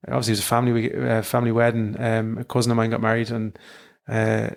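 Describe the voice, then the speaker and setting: A man's voice: lowish voice, completely flat delivery, fast talker, creaky. An Irish man co-hosting a podcast, telling stories in a rambling casual way. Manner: rambling, full of fillers and restarts. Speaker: podcast co-host. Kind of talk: casual chat.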